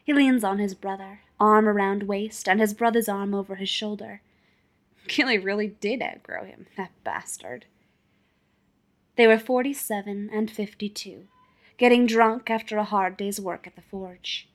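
Woman audiobook narrator, calm and measured, mid-pitched. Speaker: fanfiction audiobook reader.

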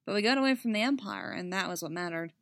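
A woman reading a story aloud and voicing an older rebel leader and mother who speaks softly and reflectively. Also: medium pitch, expressive, fast talker, dry recording, studio quality, lightly acted. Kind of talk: audiobook reading.

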